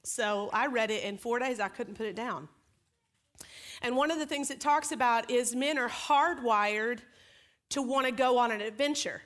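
Brief: woman pastor with a bright, highish voice, preaching casually with self-deprecating humor. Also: normal speed. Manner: lively, joking, self-deprecating storytelling. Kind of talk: conversational sermon.

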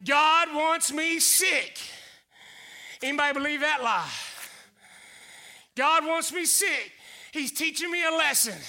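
Male pastor, high gravelly voice, preaches in forceful shouted bursts, winded. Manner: preaching with rising shouted declarations. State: getting out of breath. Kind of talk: sermon.

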